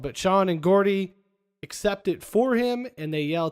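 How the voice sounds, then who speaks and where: A high-voiced man hosts a podcast and walks through a movie's scenes in a casual recap. He laughs often as he retells the plot. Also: expressive, normal speed, clean tone. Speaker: podcast host.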